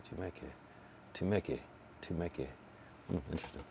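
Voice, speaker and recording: Low-voiced man muttering pronunciation practice. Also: normal speed, pauses often. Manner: repeats a phrase over and over to practice pronunciation. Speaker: streamer. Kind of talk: casual livestream chat.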